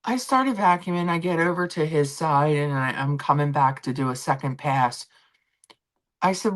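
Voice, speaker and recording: A woman with a low voice chats on a home stream, her pitch swinging widely as she tells stories. She rambles through everyday news and acts out what people said. The sound comes through a laptop and phone setup. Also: normal speed. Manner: chatty, animated storytelling with acted-out quotes. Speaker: streamer host. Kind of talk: casual chat.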